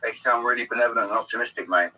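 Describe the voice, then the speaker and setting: A man's voice: medium pitch, racing, sharp tone, far from the mic, poor audio. A man from England, speaking with an English accent, calls in and talks in a friendly, grateful, slightly hesitant way. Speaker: caller.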